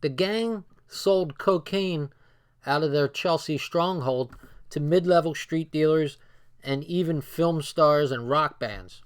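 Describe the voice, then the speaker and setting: A man's voice: a little high, slow, clean tone. A man casually reading a book aloud and breaking off into loose, swearing asides. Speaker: book reader and commentator.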